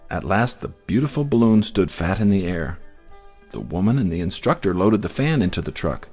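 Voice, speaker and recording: A man reading a children's picture book aloud in an expressive, sing-song storytelling manner. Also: sits low, moderate pace, husky, soft background music.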